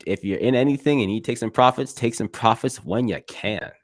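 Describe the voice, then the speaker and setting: A man joining a livestream as a guest, chatting casually and giving animated trading advice. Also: medium pitch, brisk. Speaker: guest streamer. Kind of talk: casual live-stream chat.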